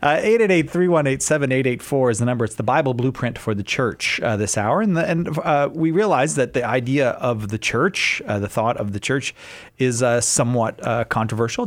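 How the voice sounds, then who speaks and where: A man's voice: medium pitch, expressive, brisk, dry recording. A man hosting a call-in radio show, chatty and jovial, who reads out the phone number. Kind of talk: radio call-in host banter.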